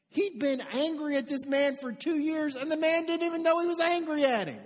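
Male pastor, high voice, earnest sermon in a church hall with long reverb. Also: a little fast, few pauses. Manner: earnest storytelling, rising to emphatic peaks. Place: church sanctuary.

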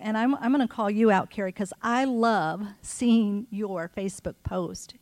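A woman's voice: mid-range voice, a little mellow, dry recording. A middle-aged woman giving an earnest, encouraging devotional talk to mothers, repeating her key phrases for emphasis. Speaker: Christian mothers' ministry speaker.

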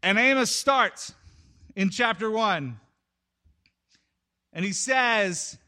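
A man preaching a sermon, retelling a story with dramatic swings between loud outbursts and hushed pauses. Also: high-pitched.

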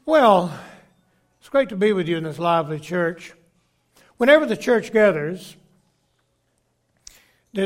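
An older man, preaching as a bishop in a folksy, storytelling sermon manner. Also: high-pitched. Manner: slow, folksy storytelling with rising emphatic peaks.

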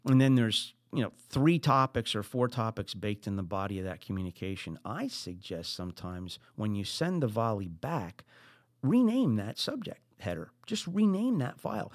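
A middle-aged man with a New Jersey accent hosting a podcast, giving business advice in an animated way with high emphatic bursts. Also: normal speed, dry recording, studio quality. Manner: animated, acts out exasperated quotes, rising into high emphatic bursts. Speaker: podcast host.

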